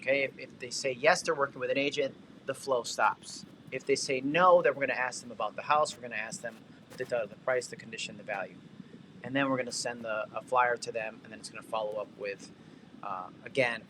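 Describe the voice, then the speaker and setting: Host type: lively, bright-voiced man running a casual livestream demo, chatty and upbeat, faint noise behind. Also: medium pitch, a little fast. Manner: energetic, talkative, shout-outs and asides. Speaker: livestream host and real estate tech coach.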